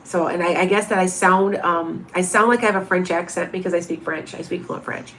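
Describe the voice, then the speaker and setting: A woman's voice: lowish voice, steady tone, a little fast, a bit bright, a little hiss or hum. A woman in her fifties, a medium hosting a livestream, chatting casually through viewer questions with lots of restarts and asides. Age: 50s.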